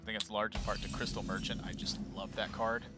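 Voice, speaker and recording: A man's voice: on the low side, little pitch movement, fast, loud music behind the voice. A man casting a live card-game match, chatty and playful, joking with his co-caster. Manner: chatty, playful, laughs often. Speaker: esports caster.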